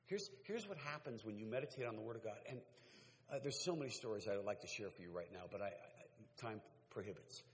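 A male pastor preaching a sermon, swinging from quiet, intimate talk to loud, fervent exhortation. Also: fairly low pitch, lively intonation, quick pace, long reverb tail, slight background noise.

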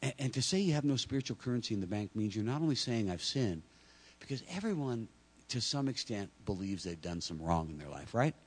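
A man's voice: fairly low pitch, lively intonation, fast talker, slightly rough. A man preaching a sermon, talking to the congregation directly and acting out imagined speakers. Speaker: pastor.

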